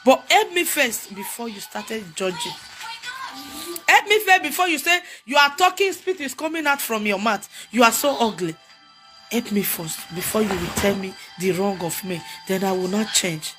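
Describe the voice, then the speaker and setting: Speaking at a normal speed in a medium pitch, a young Nigerian vlogger with a Nigerian accent cries while making a repetitive appeal for help. It is an emotional plea to camera, with music in the background.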